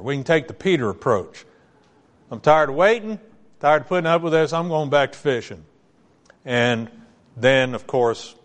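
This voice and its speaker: A man's voice: on the high side, long reverb tail. A male pastor delivering a sermon in a conversational way, asking his congregation rhetorical questions.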